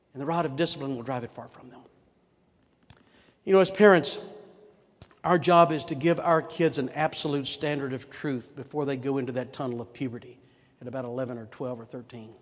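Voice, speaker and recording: A man's voice: fairly high pitch, moderate pace, pauses often. An older man preaching a sermon, earnest and full of rhetorical questions to his listeners. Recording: long hall reverb.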